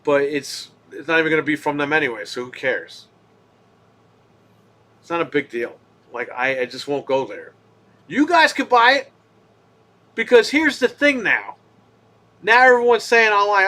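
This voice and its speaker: A man hosts a live gaming stream in a high, bright voice. He rants with heavy swearing and heat. He swings from low grumbling to loud outbursts. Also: sing-song, moderate pace, long pauses. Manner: profane, heated ranting. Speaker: gaming podcast host.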